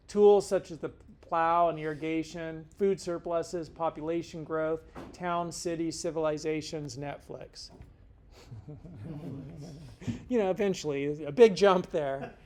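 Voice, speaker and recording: A man's voice: a little high, a little mellow. A middle-aged man teaching a casual lecture in a rambling, joking way, full of slangy asides. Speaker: instructor.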